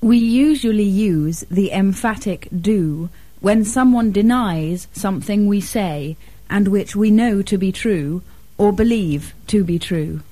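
A woman's voice: mid-range voice, warm tone, dry recording, rough recording. A woman answering a teacher's questions in full textbook sentences during a language drill. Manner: slow, careful, textbook answering.

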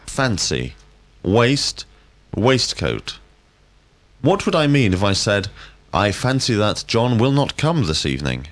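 A deep-voiced male teacher runs a scripted vocabulary drill. His pitch rises and falls widely as he puts each question clearly and deliberately. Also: big pitch swings. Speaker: language teacher.

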